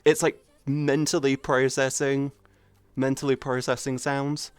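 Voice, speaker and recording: A young woman chatting casually to her stream audience, expressive and excitable, swearing freely. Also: extremely low pitch, unhurried, clean tone, dry recording, soft background music. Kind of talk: casual live-stream chat.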